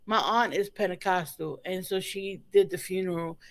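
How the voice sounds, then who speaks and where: A co-host chatting casually on a livestream, telling personal stories in a relaxed way. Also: medium pitch, moderate pace.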